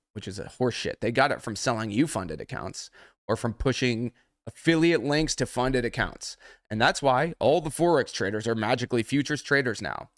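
A man's voice: medium pitch, expressive, normal speed, a bit bright, dry recording, studio quality. A man working as a trading mentor, ranting angrily and swearing heavily on a livestream. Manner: angry, heavily profane. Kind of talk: livestream rant.

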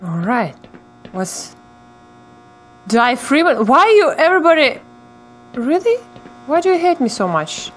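In a slightly high, sing-song voice, a gamer takes her time and pauses often while commenting on her let's play. She lets out yelps and shrieks at the scares, swears a lot, and chats to both herself and the people watching.

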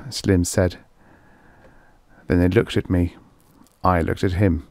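A man's voice: sits low, fairly even intonation, unhurried, pauses often, darkish tone, no echo, clean studio sound. A man narrating a vintage story aloud in a wry first-person telling. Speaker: audiobook narrator. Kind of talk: scripted narration.

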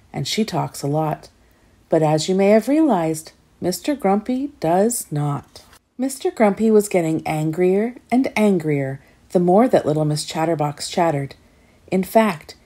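Woman reading a kids' book aloud: gentle, lowish, mellow and breathy. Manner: gentle, asks listeners questions. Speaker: storyteller.

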